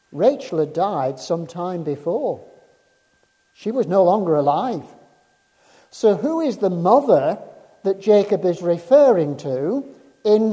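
A man delivers a sermon at a slow, deliberate pace, his voice deep and mellow in tone yet a little higher than most men's. He preaches with measured emphasis and lets his voice sink low and quiet on key phrases. The sound carries a long reverb from the hall around him.

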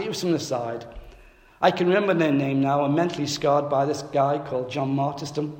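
Male preacher, higher-pitched voice, humorous storyteller, long hall reverb. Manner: lively storytelling, self-mocking humor. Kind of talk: sermon with humorous personal anecdote.

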